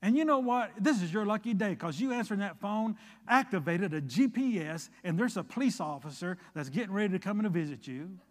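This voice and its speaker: Male pastor, high-pitched, preaching with emphasis and telling stories with quoted back-and-forth, church hall reverb. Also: a little fast, few pauses. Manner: preaching with rising emphasis, then relaxed storytelling with quoted dialogue. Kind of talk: sermon with a personal story.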